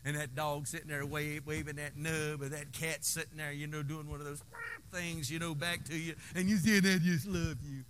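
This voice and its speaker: Bright, high-voiced preacher man. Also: little pitch movement, moderate pace, a little hiss or hum. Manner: folksy, call-and-response preaching with playful asides. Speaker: pastor. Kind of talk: sermon.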